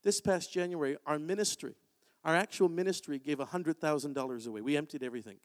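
A man preaching a sermon in a church, in an animated, conversational way. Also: fairly high pitch, fast. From Canada. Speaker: pastor. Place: church sanctuary. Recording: long hall reverb.

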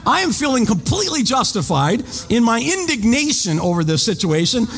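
A man's voice: very high voice, very animated, brisk, fairly bright tone, breathy edge. A man preaching a sermon, telling a story with rhetorical questions and acting out his own outrage. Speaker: pastor. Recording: long hall reverb.

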